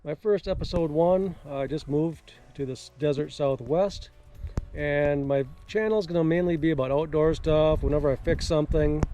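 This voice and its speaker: A man's voice: on the high side, normal speed, warm tone. Folksy rambling man with mixed Minnesota-Georgia accent. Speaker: vlogger. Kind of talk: casual vlog chat. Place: outdoors on a desert ranch.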